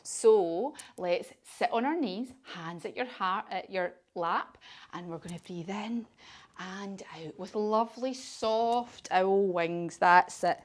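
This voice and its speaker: A woman leads children through yoga poses while telling a storybook tale. Her instructions are sing-song and encouraging, and her pitch sits in a middle range. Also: slow. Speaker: kids yoga teacher.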